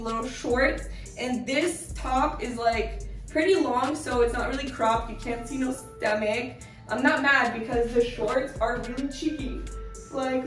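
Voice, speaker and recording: Young woman, high bright voice, gushing fashion-vlog chatter, echoey room, set back from the mic, faint music under it. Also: distant mic. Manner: bubbly, gushing, filler-heavy. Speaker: fashion vlogger. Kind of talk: casual try-on haul chat.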